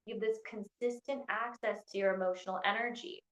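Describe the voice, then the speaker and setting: A woman leading an online training through her phone, talking in a bubbly, excitable way with lots of "like.". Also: mid-range voice, a little fast, reverberant. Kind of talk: live online workshop talk. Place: indoors in Scotland during a storm.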